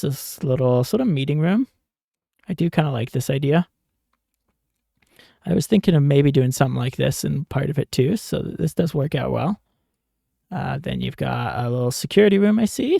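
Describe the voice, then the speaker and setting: A man talks through a game in a relaxed, musing way, pausing on fillers and chuckling now and then. His voice is gravelly and warm, and his pitch rises and falls freely. The recording is dry and close, with no room sound. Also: no echo. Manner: relaxed, musing, frequent ums and small laughs. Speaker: gaming YouTuber. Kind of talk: casual let's-play commentary.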